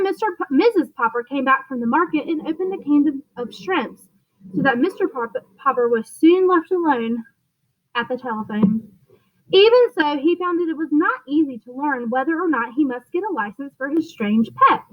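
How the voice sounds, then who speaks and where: Expressive woman reading to children. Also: sits high, normal speed, lo-fi sound. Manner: expressive, occasional stumbles. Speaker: teacher reading aloud. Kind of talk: read-aloud storytelling for children.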